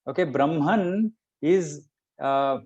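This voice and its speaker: Speaking slowly in a voice that's on the high side with a darkish tone, a Bhagavad Gita teacher leads a conversational scripture class. He explains with patience and keeps checking on his listeners, and the recording is muffled and lo-fi.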